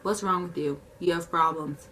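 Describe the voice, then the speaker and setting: A woman's voice: on the low side, recorded from a distance, slight background noise. A young woman animatedly telling a story in casual, slangy speech. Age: young adult. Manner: animated, slangy, fast retelling.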